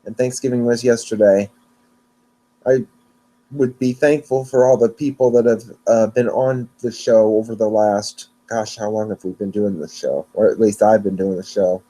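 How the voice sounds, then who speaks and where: A man's voice: lowish voice, fairly even intonation, moderate pace, mellow. A man hosting a weather podcast on his own, talking casually and rambling, often restarting and correcting himself, a little sleepy. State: yawning, sleepy. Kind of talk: casual solo podcast talk.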